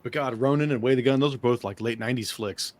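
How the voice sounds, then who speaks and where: An American man hosting a podcast in casual chat, animated and swearing freely as he talks. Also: medium pitch. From United States. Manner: fast, animated, swears a lot, excitable. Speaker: podcast host.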